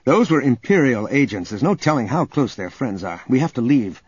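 A man voicing a calm, protective young male hero who speaks low and measured. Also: slightly rough, no echo. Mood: urgent. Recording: dull audio under loud music.

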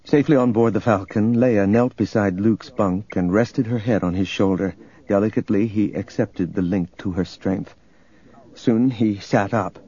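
Husky male audiobook narrator. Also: fairly low pitch, normal speed, warm tone, lo-fi sound. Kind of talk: scripted narration.

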